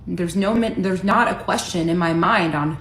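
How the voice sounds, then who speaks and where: A woman's voice: fairly low pitch, moderate pace. A woman in her thirties from the United States earnestly recounting a personal story in a vlog. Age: 30s. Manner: earnest, emotional retelling, reading out texts. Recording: echoey room with faint ambient noise.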